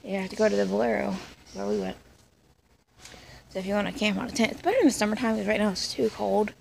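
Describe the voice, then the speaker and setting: A woman's voice: medium pitch, fast talker, vocal fry. A woman chatting casually as she walks through a big store, rambling with jokey asides into a handheld phone. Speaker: vlogger. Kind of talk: casual store walkthrough vlog. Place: big retail store, indoors. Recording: noisy store background.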